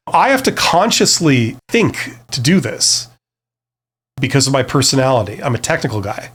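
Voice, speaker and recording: A man's voice: a little high, lively intonation, normal speed, fairly bright tone, husky. A man talking casually to camera with career advice, rambling and self-deprecating, full of fillers and restarts. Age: adult past his early twenties.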